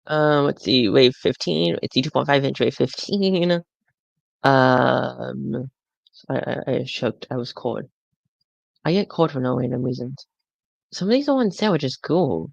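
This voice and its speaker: Stammering, rambling man with a gravelly voice. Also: mid-range voice, measured pace, no echo, lo-fi sound. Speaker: toy collector streamer. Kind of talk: casual live-stream chat.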